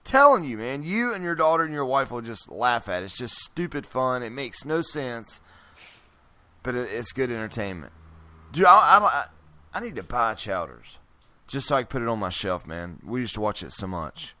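A lively man hosts a casual podcast, swooping up and down as he jokes. His voice is bright and a little high. The sound is close and dry. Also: normal speed, no room sound. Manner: animated, joking, chants nonsense syllables. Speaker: podcast host.

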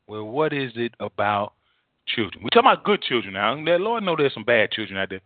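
A man preaching a sermon, emphatic and repetitive, swinging between loud and soft. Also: mid-range voice, very animated, fairly quick, no echo. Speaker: pastor. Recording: dry phone-like audio.

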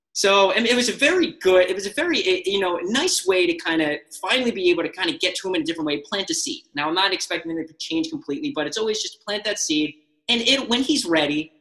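Man, fast-talking, slightly high voice, life coach, animated storyteller, radio interview guest. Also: poor audio. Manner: animated storytelling, acts out quoted lines. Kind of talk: casual radio show interview.

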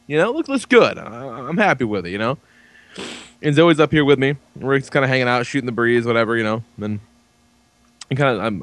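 A middle-aged man co-hosting a podcast, telling a story in a casual, profane, animated way. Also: mid-range voice, no room sound. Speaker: podcast co-host. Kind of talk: casual chat.

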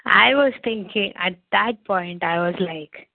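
A woman's voice: lowish voice, unhurried, gravelly, few pauses, no room sound. A woman calling in, telling a personal story in a reflective way. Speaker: caller. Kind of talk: casual chat. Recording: dry tinny phone line.

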